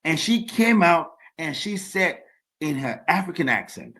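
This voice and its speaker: A man's voice: a little high, big pitch swings, moderate pace, bright, forceful tone. A man hosting his own podcast, delivering an emphatic opinion monologue and repeating words as he builds his points. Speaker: podcast host.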